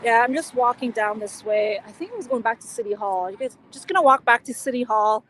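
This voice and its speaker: A woman's voice: fairly high pitch, brisk, fairly bright tone, slight background noise. A woman born in Laos whose first language is Lao, chatting casually as she live-streams on a phone while walking outdoors and answering her viewers. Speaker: live-streaming travel vlogger. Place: outdoors on city streets.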